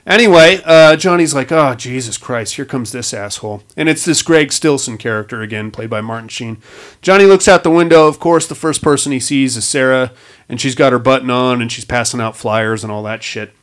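A man's voice: mid-range voice, a little fast. A man casually recapping a movie plot, rambling and swearing with wisecracks. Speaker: podcast host.

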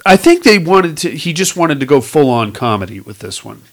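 Male podcast host, casual movie recap, lively and foul-mouthed, a touch high-pitched. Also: normal speed. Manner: animated retelling with put-on quote voices, profane. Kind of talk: casual movie review chat.

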